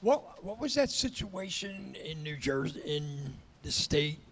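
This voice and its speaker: A man in the studio, a guest on a talk show, who talks haltingly and searches for his words. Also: a little high, very animated, fairly bright tone.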